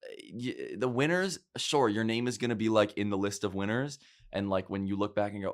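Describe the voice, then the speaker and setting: A man's voice: on the low side, brisk. A young man co-hosting a podcast, talking casually and earnestly with lots of feeling. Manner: earnest, animated, gets choked up with feeling. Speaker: podcast co-host. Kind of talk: casual chat.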